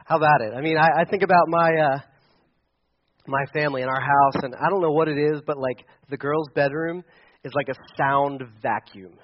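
A man's voice: on the high side, steady tone, normal speed, lo-fi sound. A young man preaching a sermon as a pastor, conversational and storytelling, with frequent restarts. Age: young adult.

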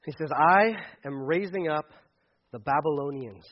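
A man preaching a casual sermon as pastor, animated and conversational, acting out quotes. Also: a little high, moderate pace, dull audio.

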